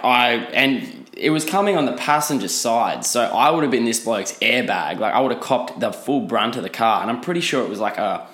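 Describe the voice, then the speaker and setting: A man's voice: mid-range voice, a bit bright. A young Australian man telling a casual story in a rambling, sweary way, often cutting himself off mid-sentence. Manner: rambling, sweary, self-interrupting. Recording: roomy echo.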